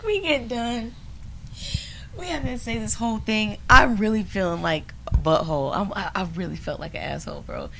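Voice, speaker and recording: A woman co-hosting a podcast, telling a story in casual chat, animated and often laughing, acting out other people's lines. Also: medium pitch, normal speed, creaky, a little hiss or hum. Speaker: podcast co-host.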